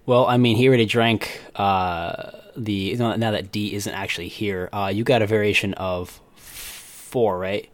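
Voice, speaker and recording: Lower-voiced rambling podcast guy. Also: fairly even intonation, measured pace, hardly any pauses, no echo. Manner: rambling, loses his train of thought. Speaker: podcast co-host. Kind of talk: casual chat.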